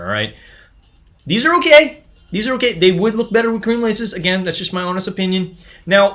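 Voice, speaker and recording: A man hosting a live sneaker unboxing stream, talking in a casual, excitable way and often stumbling and restarting his sentences. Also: mid-range voice. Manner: excitable, chatty, frequent restarts and stammers. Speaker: sneaker livestream host.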